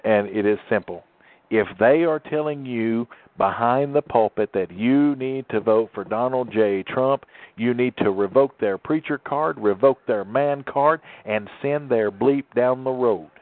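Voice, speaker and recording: A man's voice: mid-range voice, a little slow, no echo. A man hosting a talk show, a pastor speaking with emphatic, sermon-like conviction and drawing out key words. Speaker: host and pastor. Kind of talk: preachy radio talk. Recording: tinny phone line, dry.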